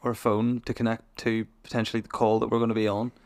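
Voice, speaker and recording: A man's voice: on the low side, completely flat delivery, quick pace, a little mellow. A young man hosting a podcast who chats casually and rambles, restarting his sentences often. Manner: rambling, restarts a lot, chatty. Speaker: podcast host. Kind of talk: casual chat.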